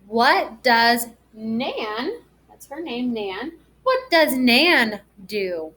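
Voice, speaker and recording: A woman teaching a first grade class through a recorded reading lesson, speaking gently and asking the children encouraging questions. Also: on the high side, sing-song, very slow.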